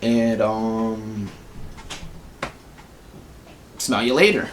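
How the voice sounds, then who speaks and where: A young man telling a storytime vlog story, animated and profane, acting out the people in his story. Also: fairly low pitch, slow, slight background noise. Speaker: YouTuber.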